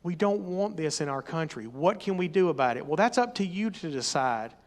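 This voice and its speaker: A middle-aged man preaching a sermon, emphatic and rising to loud exhortation. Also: fairly high pitch, lively intonation, brisk. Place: church or meeting hall.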